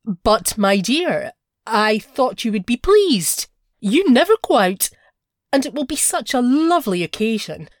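A woman's voice: a little high, sing-song, measured pace, dry recording, studio quality. A woman reading a story aloud, voicing an anxious clerk husband who talks in an earnest, pleading way. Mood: eager. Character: anxious eager-to-please husband, a modest clerk.

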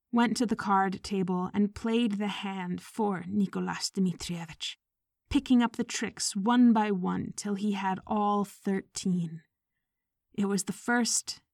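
Slow, soft-spoken female audiobook narrator. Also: mid-range voice, no room sound, clean studio sound. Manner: slow, soft, dipping into whispers.

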